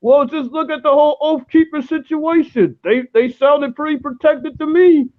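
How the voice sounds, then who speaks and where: A woman speaks with an indignant, fed-up edge in a very high voice. She comes through a thin, tinny phone line. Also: normal speed. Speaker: panel guest.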